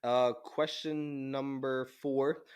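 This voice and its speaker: A young man co-hosting a podcast, telling animated stories with laughter on a handheld mic. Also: medium pitch, slow pace, clear, resonant tone. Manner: animated storytelling with frequent laughs. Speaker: podcast co-host. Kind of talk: casual chat. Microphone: handheld mic, sometimes held away.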